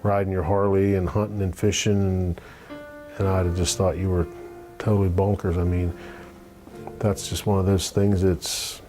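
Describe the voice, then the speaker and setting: A middle-aged man giving a halting testimonial in an interview, with many fillers and restarts. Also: low-pitched, level tone, warm tone. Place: office. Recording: guitar music playing clearly underneath.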